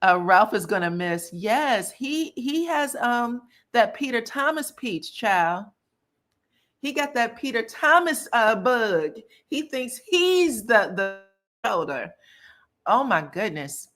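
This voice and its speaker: A woman's voice: a little high, big pitch swings, slow pace, fairly bright tone. A woman hosting casual pop culture commentary, sassy and blunt, cussing freely as she reacts.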